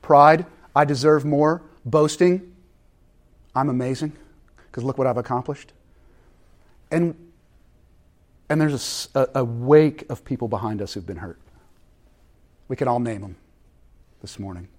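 A man preaching a sermon, animated and dynamic, swinging from loud emphatic lines to hushed, intense ones. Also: medium pitch, a little slow, pauses often. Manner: animated, shouting voices for crowds, then dropping to quiet intensity. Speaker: pastor.

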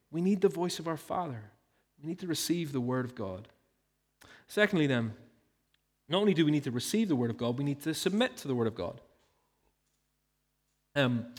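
A man preaches with earnest emphasis and asks his listeners pointed questions. His voice sits a little higher than most men's. He sounds like a pastor in his thirties. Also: a little mellow, breathy edge. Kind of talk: sermon.

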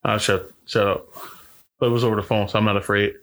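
A young man hosting a podcast, telling stories in animated, profane casual chat with frequent restarts. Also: lowish voice, fast talker. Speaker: podcast host.

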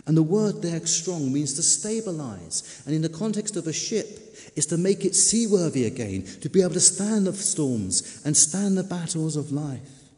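Man preaching, emphatic, mellow dark tone, long hall reverb. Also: fairly high pitch, lively intonation. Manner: emphatic, repeats key words with slow stressed delivery. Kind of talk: sermon.

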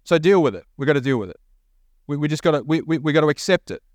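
A man's voice: fairly high pitch, expressive, fast, no room sound, clean studio sound. A man preaching a sermon as a pastor, repeating key phrases and asking rising questions. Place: church.

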